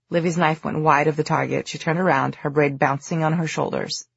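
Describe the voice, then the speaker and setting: An audiobook narrator reading a novel in steady, even storytelling. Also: mid-range voice, a little fast, gravelly, few pauses, slightly rough, dry recording, highs cut off. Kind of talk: scripted narration.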